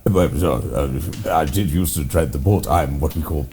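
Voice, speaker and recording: An English man in improvised comedy chat, telling absurd tall tales with a deadpan, rambling manner. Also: a bass voice, moderate pace. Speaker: co-host playing a gentleman's club character.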